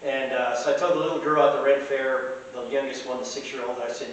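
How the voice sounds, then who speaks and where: A man's voice: mid-range voice, little pitch movement, fairly quick, few pauses. Rambling man in an echoey room. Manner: rambling, chatty. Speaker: storyteller. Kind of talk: casual anecdote telling. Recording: echoey room, distant mic, faint hiss.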